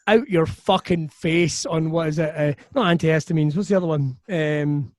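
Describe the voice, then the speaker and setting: A Scottish man, a comedian guest, telling stories in a profane, animated way on a podcast. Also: on the high side, moderate pace, dry recording. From Scotland. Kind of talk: casual storytelling chat.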